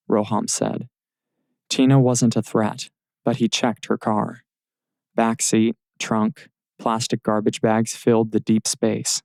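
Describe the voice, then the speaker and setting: Gravelly low-voiced man narrating an audiobook. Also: little pitch movement, unhurried, a little mellow, no echo.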